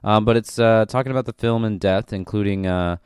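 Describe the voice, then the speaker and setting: A young man co-hosting a casual podcast chat, rambling and jokey with quick asides. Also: on the low side, darkish tone, smooth, no echo, clean studio sound. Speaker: podcast co-host.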